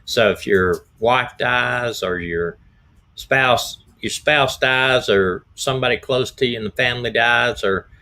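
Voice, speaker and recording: A middle-aged man, slightly hoarse, hosting a rambling, folksy live stream as a retired detective. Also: medium pitch, a little slow, bright, forceful tone. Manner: folksy, rambling, repeats himself. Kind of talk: casual live-stream talk.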